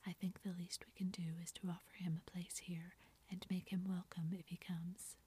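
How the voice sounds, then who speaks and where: A woman whispering an eager girl who plays a gentleman at a club meeting, as whispered role-play. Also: lowish voice, little pitch movement, normal speed, a little hiss or hum, natural voice. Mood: earnest. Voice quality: breathy whisper.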